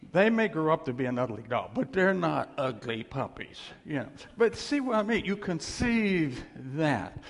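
An older man giving a casual, folksy sermon, chuckling often and teasing himself, with a gravelly voice. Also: fairly high pitch. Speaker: preacher. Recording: reverberant hall.

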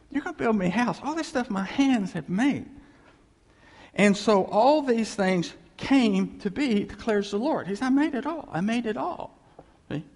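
A male pastor delivers a sermon in a gravelly, husky voice whose pitch swings widely. Conversational and wry, he regularly voices God's words in a laid-back, casual way. A long reverb from a large hall surrounds his voice.

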